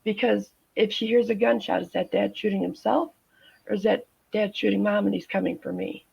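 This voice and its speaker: Woman, 50s, guest telling her own story; gravelly, halting delivery, dull lo-fi recording. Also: mid-range voice, fairly even intonation. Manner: halting, many restarts and fillers. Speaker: guest, nurse. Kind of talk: personal storytelling in interview. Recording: dull lo-fi audio.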